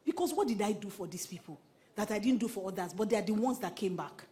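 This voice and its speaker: A woman pastor with a Nigerian accent, preaching a sermon in an animated, repetitive style that slips into pidgin. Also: medium pitch, fast talker. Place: church.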